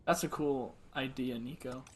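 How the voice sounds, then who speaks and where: A man's voice: medium pitch, fairly even intonation, moderate pace, slight background noise. A man streaming a game in casual commentary, rambling, chatting with viewers and cheering on his character. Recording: game music playing behind. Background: game music.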